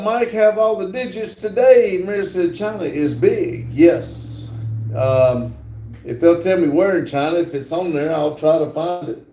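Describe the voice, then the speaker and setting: Slow, gravelly man in an echoey room. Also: a little high, mellow. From United States. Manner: slow, reads viewer comments aloud with many uh fillers. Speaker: livestream host reading chat. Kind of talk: casual live-stream chat.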